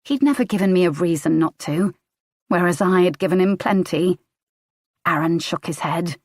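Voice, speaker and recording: A woman's voice: lowish voice, moderate pace, a little mellow, no echo, clean studio sound. A woman reading a first-person audiobook in a tense, emotional way. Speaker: audiobook narrator.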